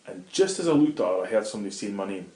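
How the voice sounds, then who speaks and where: A man's voice: lowish voice, sing-song, racing, darkish tone. Scottish man telling a story. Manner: vivid anecdotal storytelling, frequent swearing. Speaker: interview guest. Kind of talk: casual storytelling interview. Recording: roomy echoey room.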